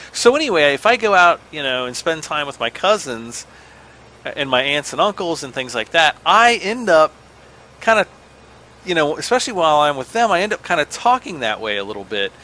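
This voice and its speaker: A man's voice: mid-range voice, sharp tone. A middle-aged American man giving casual, rambling gameplay commentary, self-deprecating and chuckling often. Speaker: gaming channel host.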